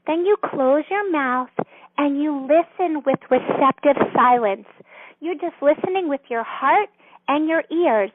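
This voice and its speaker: A woman author, a guest on an interview, explaining a counseling method in a gentle, earnest, teacherly way. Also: high-pitched, unhurried, no room sound. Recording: dry phone-line sound.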